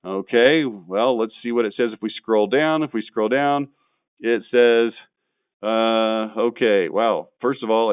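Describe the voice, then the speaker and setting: A blunt man runs a marketing webinar and gets fired up as he picks apart weak examples. His voice sits at an ordinary pitch. It comes through a narrow, phone-like line with no room sound at all. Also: clear, resonant tone, no echo. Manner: blunt, gets worked up and ranting. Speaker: webinar presenter.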